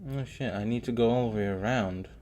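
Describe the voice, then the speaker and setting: Low-voiced man muttering over gameplay. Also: brisk, a little mellow. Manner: muttering to himself, jumpy and nervy. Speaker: streamer playing a video game. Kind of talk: casual gameplay commentary. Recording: faint game music behind.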